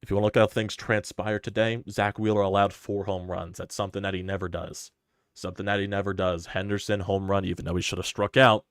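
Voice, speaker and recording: A man's voice: low voice, clear, resonant tone, no room sound, studio quality. A man hosting his own sports channel, giving a casual, emphatic game recap with repeated points. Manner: heated, swearing rants; repetitive, emphatic delivery.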